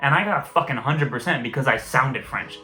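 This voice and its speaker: A man's voice: medium pitch, animated, brisk, sharp tone. A young man telling a casual story, rambling and swearing often. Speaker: vlogger. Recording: roomy echo, faint music behind.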